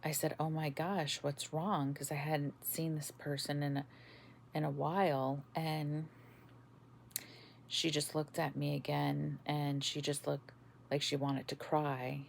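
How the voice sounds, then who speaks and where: Slow, gravelly-voiced woman sharing a dream. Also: low-pitched, little pitch movement, a little hiss or hum. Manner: slow, halting, many fillers and restarts. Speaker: podcast host. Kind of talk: casual spoken testimony.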